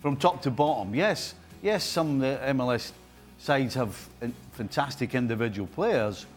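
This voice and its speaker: A man's voice: medium pitch, animated, moderate pace, faint music behind. A man from the west coast of Scotland with a broad Scottish accent, arguing his points about football in a blunt, emphatic way. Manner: emphatic, blunt, says aye. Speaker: football pundit. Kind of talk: panel chat.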